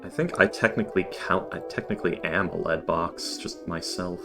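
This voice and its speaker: A man's voice: sits low, fairly even intonation, fairly quick, music in the background. A man hosting a tabletop game stream, chatting casually in a wry, rambling way. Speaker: streamer and player.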